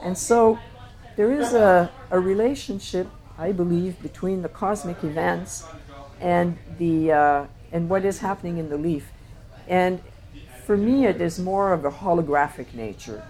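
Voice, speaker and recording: Woman w/ lowish voice talking thru her slides, thoughtful, lots of uhs and restarts. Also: a little mellow. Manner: reflective, halting with many fillers and restarts. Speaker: speaker presenting photographs. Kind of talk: slide talk to an audience.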